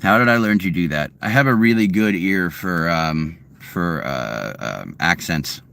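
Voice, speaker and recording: Guy in his late 30s just rambling to chat, bright forward voice, lots of um and like, keeps chuckling. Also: low voice, lively intonation, a little slow, creaky. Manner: meandering, many fillers and restarts, chuckles often. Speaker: streamer answering chat. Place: home.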